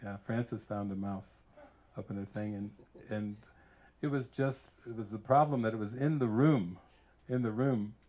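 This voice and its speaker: A man, a spiritual teacher, giving a casual talk full of animated stories and frequent laughter. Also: on the low side, normal speed. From United States. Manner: animated storyteller who laughs often.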